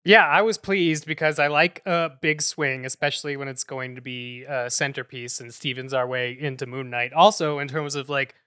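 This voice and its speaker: Bright, smooth-voiced man on a podcast. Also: mid-range voice, steady tone, moderate pace, hardly any pauses, no echo, clean studio sound. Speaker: podcast co-host. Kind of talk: casual panel discussion.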